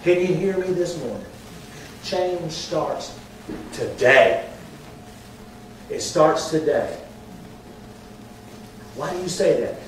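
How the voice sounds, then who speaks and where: Pastor, fervent preaching that drops to quiet prayer, big reverberant church, faint hum behind. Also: male voice, a little high, animated, slow pace, pauses often. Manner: impassioned preaching, swinging from loud to hushed. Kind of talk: sermon with altar call and prayer. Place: large church sanctuary. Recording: very echoey hall, mic distant.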